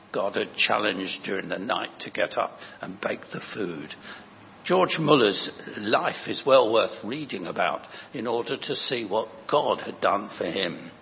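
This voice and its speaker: An older man preaching a sermon as a parish priest, gentle and anecdotal, with rambling restarts. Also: on the low side, gravelly. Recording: echoey hall, dull lo-fi sound, faint noise.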